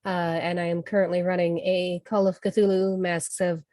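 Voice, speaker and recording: A woman getting over a cold introduces herself to a stream audience, in a relaxed way with many fillers. Her voice is a little low, and the sound is dry and close. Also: moderate pace, no echo. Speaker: player, game master. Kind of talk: casual introduction chat.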